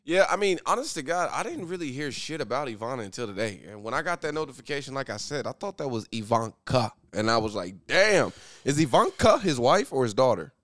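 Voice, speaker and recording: Crude joking podcast guy, lively voice. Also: mid-range voice, fast, hardly any pauses, dry recording. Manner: crude joking, laughs often, says bro and man. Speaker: podcast co-host. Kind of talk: casual podcast banter.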